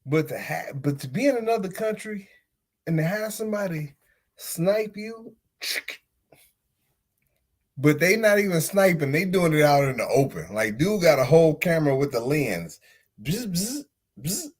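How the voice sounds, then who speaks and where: A man hosting a podcast, telling a story in a casual monologue. He talks in slang and swings between loud outbursts and low mutters. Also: animated, moderate pace, pauses often. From United States. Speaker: podcast host.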